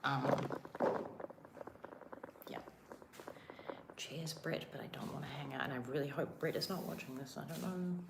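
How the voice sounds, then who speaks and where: A woman's voice: extremely low pitch, unhurried, creaky, long pauses, echoey room, heavy background noise. A young woman with a New Zealand accent chatting casually on a live stream, rambling and self-deprecating with lots of "like" fillers. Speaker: livestreamer. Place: rented villa room, indoors.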